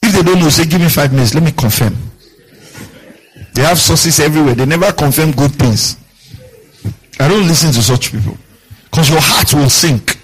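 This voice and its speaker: Husky, lively preaching pastor. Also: male voice, normal speed, long pauses, rough recording. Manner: animated preaching, asks the congregation questions; acts out quoted voices with big pitch jumps. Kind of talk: sermon.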